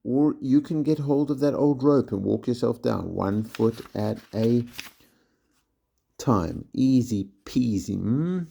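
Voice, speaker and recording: A man's voice: mid-range voice, slow, creaky, dark tone, a little hiss or hum, voice pushed up. A man reading a storybook aloud, voicing a patient climbing instructor who coaxes and reassures a scared boy. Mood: reassuring. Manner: coaxing, reassuring.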